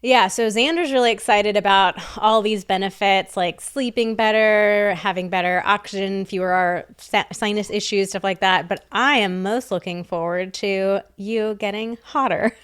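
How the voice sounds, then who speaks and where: A woman's voice: mid-range voice, steady tone, moderate pace, hardly any pauses, fairly bright tone, clean tone. Upbeat woman podcast host. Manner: teasing, upbeat. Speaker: sex therapist and podcast host. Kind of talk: casual chat.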